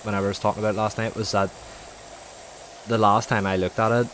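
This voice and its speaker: A man's voice: lowish voice, little pitch movement, quick pace, fairly bright tone, a little hiss or hum, poor audio. A young man, rambling and swearing through casual stories while streaming a game. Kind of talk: casual chat while gaming.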